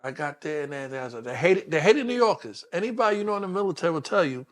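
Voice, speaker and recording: Animated New man in his sixties. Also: a little high, fast. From Brooklyn, New York. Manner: animated storyteller who acts out the people he quotes. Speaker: guest, detective. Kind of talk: personal storytelling in a sit-down interview.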